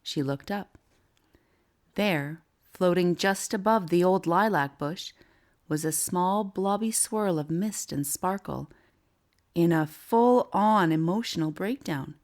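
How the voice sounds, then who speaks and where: A woman narrating a whimsical storybook in a calm, measured way. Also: lowish voice.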